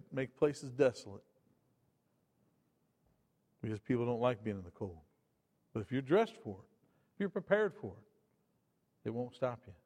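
A man preaching a sermon with dynamic delivery, swinging from loud emphatic bursts to quiet, low asides. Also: in a large hall.

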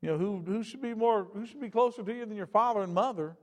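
A man preaching a sermon in a high voice, swinging between loud emphatic bursts and quiet asides. His words ring out with a long reverb from a church hall. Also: fast.

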